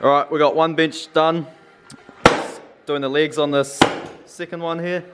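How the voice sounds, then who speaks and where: A man's voice: a little high, flat delivery, unhurried, very noisy. A man giving laid-back commentary on a car project vlog. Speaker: vlog narrator.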